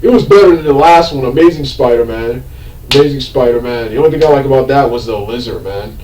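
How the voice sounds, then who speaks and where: A man's voice: mid-range voice, quick pace, a little mellow, recorded from a distance, slight background noise. A man reviewing a movie in an unscripted rant. He repeats himself, loses his train of thought, says "um" a lot, and breaks into exasperated outbursts. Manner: rambling and repetitive, loses his train of thought, many filler ums. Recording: echoey room, voice set back from the mic.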